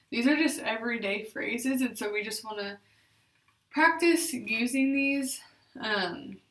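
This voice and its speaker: A young woman, a speech therapist, leading voice exercises with slow, clear, encouraging instructions and frequent fillers. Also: mid-range voice, fairly bright tone, slight background noise. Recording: echoey room.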